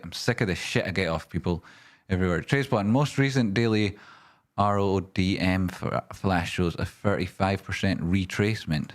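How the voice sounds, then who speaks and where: A man's voice: sits low, normal speed. A man hosting a stock livestream, swearing and ranting, then rambling casually through charts and viewer questions.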